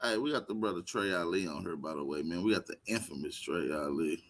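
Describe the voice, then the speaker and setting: A man's voice: low-pitched, brisk, few pauses. A man from Texas, hosting a casual panel show and trash-talking in a brash way. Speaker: host.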